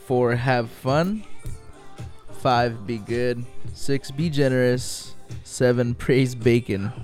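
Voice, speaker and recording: A man's voice: mid-range voice, slow pace, darkish tone, faint music behind. A man co-hosting a casual podcast chat, easygoing and agreeable, swearing casually. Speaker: podcast co-host.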